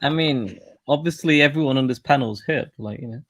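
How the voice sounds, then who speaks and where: A man joins a casual online panel chat. He speaks in a relaxed, mid-range voice and makes dry jokes. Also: medium pitch, brisk, gravelly. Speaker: panel guest.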